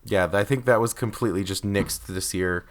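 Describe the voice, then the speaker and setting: A man's voice: on the low side, a little fast. A man co-hosting a casual podcast who talks emphatically and opinionatedly, stacking up his points and acting out quotes in exaggerated voices. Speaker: podcast co-host. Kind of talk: casual chat.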